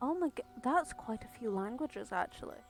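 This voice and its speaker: A woman's voice: sits high, lively intonation, a little slow, soft background music. A woman live-streaming in a chatty, giggly way, thinking aloud as she reacts. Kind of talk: casual live-stream chat.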